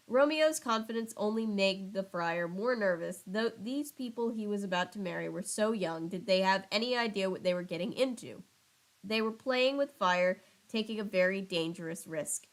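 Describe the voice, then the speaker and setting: A woman's voice: medium pitch, normal speed, low-quality recording. A young woman casually reading a children's book aloud with wry, chatty asides. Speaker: channel host.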